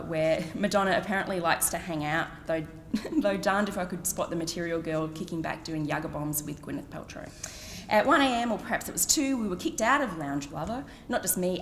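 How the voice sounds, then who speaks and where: A woman's voice: on the low side, slight background noise. A middle-aged Australian woman with an Australian accent, reading her own blog aloud at a book event in a wry, self-mocking way. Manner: wry, self-mocking, laughs between phrases. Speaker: author. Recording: long reverb in a hall.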